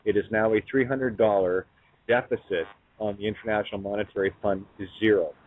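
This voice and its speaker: A man's voice: fairly low pitch, steady tone, a little fast. A man hosting a radio talk show, speaking informally in a folksy way with plenty of uhs. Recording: tinny phone-like line.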